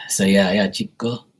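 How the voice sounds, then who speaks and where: Husky Bermudian man chatting casually. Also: lowish voice. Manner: chatty, digressive, mimics other people's voices in quotes. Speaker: vlogger answering viewer questions. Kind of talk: casual rambling monologue.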